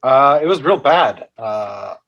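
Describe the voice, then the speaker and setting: Husky-voiced man on a podcast. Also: mid-range voice, expressive, slow, lo-fi sound. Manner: plain, hesitant talker with many uhs. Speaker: podcast co-host. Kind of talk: casual chat.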